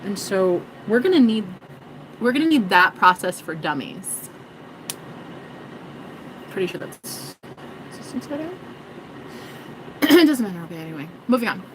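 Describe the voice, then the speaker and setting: A woman's voice: mid-range voice, big pitch swings, normal speed, long pauses, slight background noise, poor audio. Rambling, self-mocking woman vlogger. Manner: joking, swearing, self-mocking. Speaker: spiritual vlogger. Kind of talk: rambling casual monologue.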